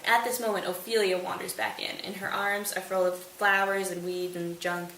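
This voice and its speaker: A woman's voice: mid-range voice, little pitch movement, moderate pace, a bit bright. A woman hosting a casual study retelling, jokey and sarcastic. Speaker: host. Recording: roomy, distant mic, faint hiss.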